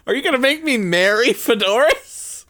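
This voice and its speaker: A man's voice: very high voice, expressive, normal speed, pushed and bright, no echo, studio quality. Exasperated, foul-mouthed man on a podcast. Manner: exasperated, profane, flustered banter. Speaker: podcast co-host. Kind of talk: comedic podcast chat.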